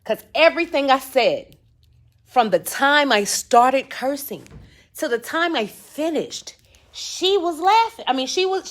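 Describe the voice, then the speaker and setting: Brief: a woman host with a slightly high voice spinning a funny, cuss-filled story for her listeners. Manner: animated, profane, addresses listeners as y'all. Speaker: podcast host. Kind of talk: comic personal storytelling.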